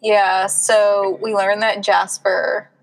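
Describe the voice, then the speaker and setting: A woman's voice: medium pitch, slow, low-quality recording. Young woman, Southern US accent, easygoing co-host, acts out quotes. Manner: relaxed, recaps with acted quotes. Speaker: podcast co-host. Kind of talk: casual chat.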